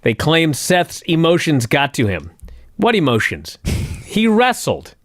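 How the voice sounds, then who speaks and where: A man's voice: a little high, huge pitch swings, measured pace, a bit bright, no echo, clean studio sound. A man co-hosting a casual podcast and ranting sarcastically about a wrestling show, swearing often. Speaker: podcast co-host. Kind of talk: casual profane wrestling review chat.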